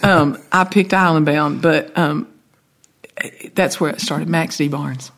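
A Southern woman songwriter tells a rambling story in an interview and slips into the voices of the people she quotes. Her voice sits a little low and has a husky edge. She keeps the story moving with asides and bursts of laughter. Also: steady tone, slow pace. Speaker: songwriter guest.

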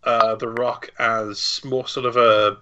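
A man's voice: mid-range voice, flat delivery, slow pace, crowd noise. A man co-hosting a podcast, making dry, sarcastic remarks in casual film talk. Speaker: podcast co-host. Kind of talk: casual film review chat. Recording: muffled, dull sound.

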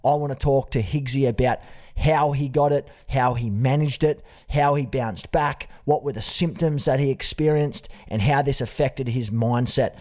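A man's voice: medium pitch, moderate pace. Australian man hosting a podcast. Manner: warm, earnest, says mate often. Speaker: podcast host. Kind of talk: casual podcast interview.

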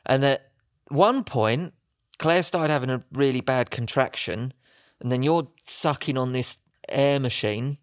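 Man telling animated stories. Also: mid-range voice, unhurried, smooth, dry recording, studio quality. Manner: animated storytelling, acts out voices. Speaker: podcast co-host. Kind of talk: casual chat.

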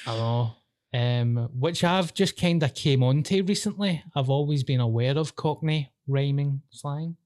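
Glaswegian male podcast host, sweary and animated, dry close sound. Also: mid-range voice, unhurried, dry recording. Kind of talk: casual chat.

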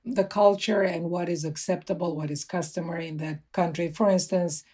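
A woman, a subtitling company executive, explaining things in a measured way in an interview. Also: lowish voice, mellow, husky.

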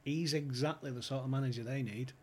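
A man's voice: mid-range voice, steady tone, brisk, a little hiss or hum. A man guesting on a podcast, telling club stories in a chatty way, swearing freely and acting out the people he quotes. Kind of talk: anecdotal storytelling.

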